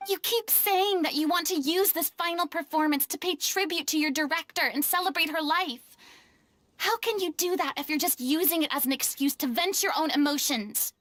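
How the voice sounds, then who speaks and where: A woman's voice: high voice, normal speed, a bit bright, no room sound. An actress playing a stern but caring young woman who lectures two quarreling actors, in game voice acting. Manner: firm, lecturing.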